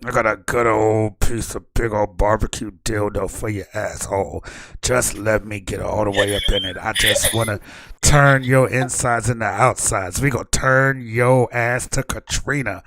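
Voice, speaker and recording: Guy putting on a sleazy threatening voice in your head, low and drawly, tabletop game. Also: a bit bright, slight background noise. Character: lewd menacing male voice in the head.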